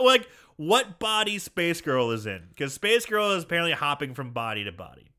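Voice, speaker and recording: A man co-hosting a casual chat, telling a story with a lively, swinging delivery. His voice is bright and forward, somewhat higher than most men's, and he acts out the characters' lines as he goes. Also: moderate pace, hardly any pauses. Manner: animated storytelling, acting out quoted lines, frequent laughs and swearing. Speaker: podcast co-host recapping a film.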